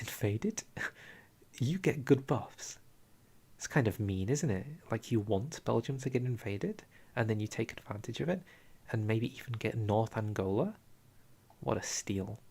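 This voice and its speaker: Creaky-voiced man chatting on a live stream. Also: medium pitch, expressive, a little slow. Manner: chatty, chats with viewers, trails off into quiet asides. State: out of breath. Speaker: streamer reviewing a strategy game dev diary. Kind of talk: casual live-stream commentary.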